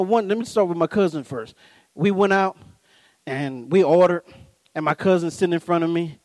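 High-voiced man preaching with comic stories. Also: no room sound, low-quality recording. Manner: storytelling, mimics voices, laughs often, swings from low mutters to high shouts. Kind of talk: humorous sermon.

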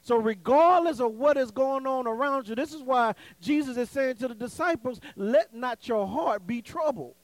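A man with a high voice preaches in a call-and-response style, rising to loud, emphatic peaks and dropping to low, conversational asides. The sound is close and dry. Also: normal speed, few pauses, no echo, low-quality recording. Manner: call-and-response preaching, dramatic swings in pitch and volume; folksy, conversational asides with laughter. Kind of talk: sermon.

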